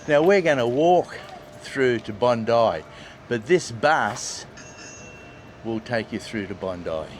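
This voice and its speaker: An Australian man talks through a casual travel vlog while walking a coastal path. He is chatty and wry, and his voice sits at a middling pitch. Traffic and outdoor noise come through clearly behind him. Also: animated, slow. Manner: chatty, wry, friendly asides. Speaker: travel vlogger. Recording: noisy outdoor street recording. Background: traffic and outdoor ambience.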